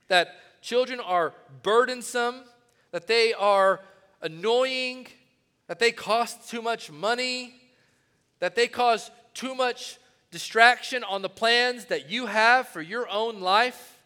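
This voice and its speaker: A man preaching a sermon as pastor, animated, swinging between loud emphatic phrases and hushed ones. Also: very high voice, slow pace, in a large hall.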